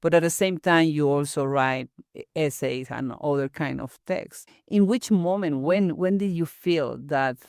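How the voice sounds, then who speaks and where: A woman's voice: low voice, measured pace, clean tone, dry recording. Woman host, dry sound. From Mexico. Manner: warm affirming interjections, switches to Spanish. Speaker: podcast host. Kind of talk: interview questions.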